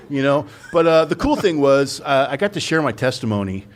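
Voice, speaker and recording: A man's voice: mid-range voice, fairly quick, hardly any pauses. A Californian man, a recovery guest speaker, telling stories animatedly and acting out quotes in a live conversation in a coffee house. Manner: animated storytelling, acts out quotes.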